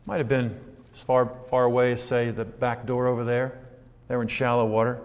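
A man's voice: medium pitch, little pitch movement, a little fast, clear, resonant tone, long reverb tail. A man preaching a sermon in a church, reading scripture and asking rhetorical questions in a conversational way, stopping often to correct himself.

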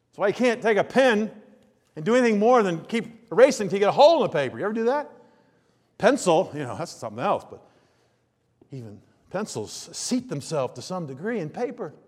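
A man preaching a sermon, telling homely stories with emphatic, drawn-out phrases. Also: sits high. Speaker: pastor. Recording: long reverb of a large hall.

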